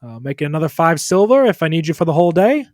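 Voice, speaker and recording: A man's voice: a little high, very animated, fast, darkish tone, dry recording, clean studio sound, pitched above the performer's own voice. A man voicing a breezy, rambling village doctor. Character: chatty male village doctor, upbeat.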